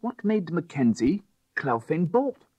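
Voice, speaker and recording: A man's voice: on the high side, big pitch swings, unhurried, a little mellow, dry recording, pitched above the performer's own voice. A man voicing an impatient, eager young English nobleman who calls out in a raised voice. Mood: urgent.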